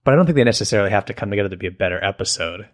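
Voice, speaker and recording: A man's voice: on the low side, animated, racing. A man co-hosting a podcast in casual chat, with a playful, teasing manner and jokey asides. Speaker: podcast co-host.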